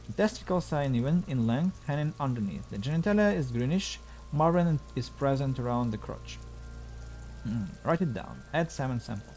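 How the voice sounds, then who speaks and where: A man's voice: mid-range voice, animated, normal speed, darkish tone. A male streamer reading a video game's text aloud, with wry asides between the lines.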